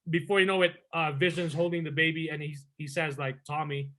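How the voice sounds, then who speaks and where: Bright-voiced man recapping a show. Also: on the high side, little pitch movement, brisk. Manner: retells scenes in a loose flow, with "before you know it" and "um". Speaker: podcast host. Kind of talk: casual movie review chat.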